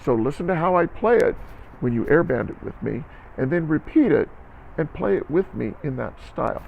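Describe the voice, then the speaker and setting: A man's voice: a little high, animated, moderate pace, vocal fry, a little mellow, muffled recording, a little hiss or hum. A man teaching a recorded band lesson to students, encouraging them and counting beats aloud.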